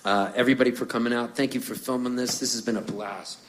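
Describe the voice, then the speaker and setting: A man's voice: medium pitch, fairly even intonation, fast, heavy background noise. Middle-aged man telling rambling stage stories. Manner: rambling, playful, laughs through his stories. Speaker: singer-songwriter between songs. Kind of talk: onstage storytelling.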